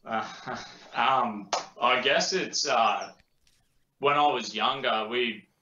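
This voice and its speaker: A man's voice: mid-range voice, extremely slow, bright, forceful tone, slight background noise. A young man from New Zealand with an Australian accent, chatting casually as an interview guest in a laid-back, rambling way with many fillers. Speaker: guest YouTuber. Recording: echoey, muffled remote call audio.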